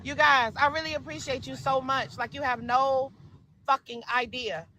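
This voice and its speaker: A man's voice: very high voice, steady tone, normal speed, pushed and bright, poor audio. A man livestreaming from a city street and car, talking in a profane, emphatic, repetitive way. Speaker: livestreamer at a protest. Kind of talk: livestream commentary.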